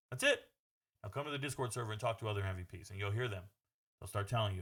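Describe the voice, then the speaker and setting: A man's voice: on the low side, fairly even intonation, rapid-fire, fairly bright tone. A man talking through his sports betting picks in a casual, brash monologue, blunt and swearing freely as he addresses viewers as "bro.".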